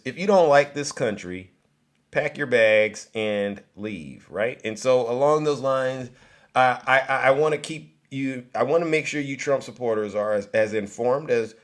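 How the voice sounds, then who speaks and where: A man with a medium-pitched voice hosts a political commentary live stream, mocking and animated as he addresses his viewers directly.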